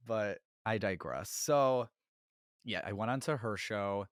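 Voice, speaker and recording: A man's voice: lowish voice, slow pace, no room sound, clean studio sound. A young man hosting his own podcast in a casual, rambling solo Q&A, laughing often and apologizing a lot, his throat sore. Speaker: podcast host.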